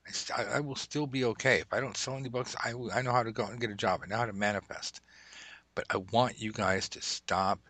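A middle-aged man talks on a podcast, blunt and cheerfully profane, poking fun at himself. His voice is low-pitched yet bright and forceful, with a husky edge. The sound is dry and close, with no room echo. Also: fairly even intonation, fast. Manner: blunt, profane and self-mocking. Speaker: podcast host and tarot teacher. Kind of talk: casual podcast chat.

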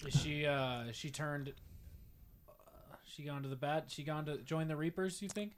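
An eager tavern keeper, voiced by a man in a tabletop game, fawning over his guests. The voice sits a little high. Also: fairly even intonation, normal speed, close to an everyday voice. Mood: nervous.

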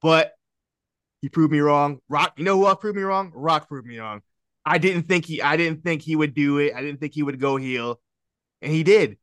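Hyped dude chatting on a podcast, laughs a lot, curses, dead dry mic. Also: male voice, a little high, moderate pace, clean tone, no room sound. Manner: excited, laughing, swearing, acts out quotes. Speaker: podcast co-host. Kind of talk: casual chat.

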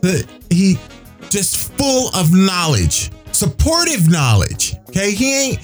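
Radio host, casual on-air chat, preachy, repeats phrases, lively pitch. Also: soft background music. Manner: preachy, emphatic, drawn-out repeats.

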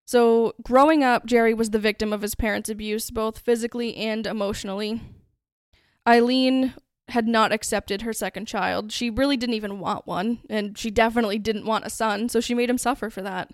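A woman's voice: fairly high pitch, fairly even intonation, normal speed, no room sound, studio quality. A woman hosting a true-crime podcast, telling the story in a chatty, conversational way. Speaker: podcast host.

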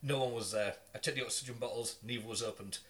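Lively host, bright-toned, telling spooky stories with laughter. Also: male voice, mid-range voice, fast talker, a little hiss or hum. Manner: animated, laughs often, swears. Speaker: podcast host. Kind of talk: casual storytelling chat.

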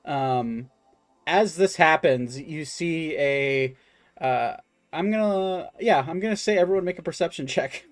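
Halting male game master, slightly high voice. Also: soft background music. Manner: halting, full of ums and restarts. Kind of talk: narrating a tabletop game.

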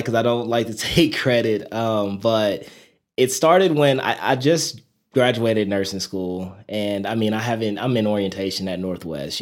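A man in his thirties, a nurse and interview guest, telling stories in a casual, animated way with many fillers. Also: mid-range voice. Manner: animated storyteller, quotes people in lively voices, many fillers.

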